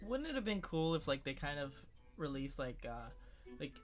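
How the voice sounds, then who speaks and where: Higher-voiced man with dry mock-boasting. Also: big pitch swings, moderate pace, soft background music. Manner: dry mock-boastful humor, filler-heavy. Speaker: podcast co-host. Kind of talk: casual gaming chat.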